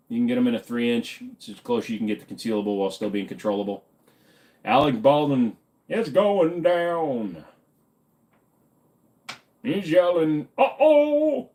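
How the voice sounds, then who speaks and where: A man's voice: mid-range voice, steady tone, fast, warm tone. A man hosting a casual livestream, reading chat questions aloud and answering them in an offhand, joking way. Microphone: desk microphone.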